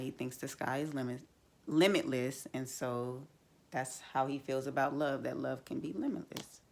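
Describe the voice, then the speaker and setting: Blunt chatty woman with vocal fry. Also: extremely low pitch, a little mellow. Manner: blunt, chatty, many fillers like "like" and "you know". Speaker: TV show reviewer. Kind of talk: casual opinionated recap.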